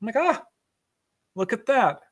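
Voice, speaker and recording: Extremely high-pitched and very animated, yet measured in pace, a middle-aged man recounts a tale on a podcast. In this easygoing interview he voices the characters he quotes and keeps breaking into laughter.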